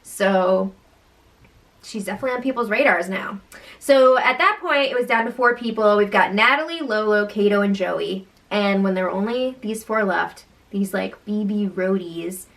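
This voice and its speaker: A woman's voice: mid-range voice, moderate pace, fairly bright tone. A young woman co-hosting a podcast, chatting casually through a recap, giggling often and saying "like" a lot. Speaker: podcast co-host.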